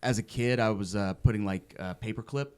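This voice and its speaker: Low-voiced man telling halting stories. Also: smooth. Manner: halting, many uh fillers. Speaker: guest. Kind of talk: casual storytelling chat.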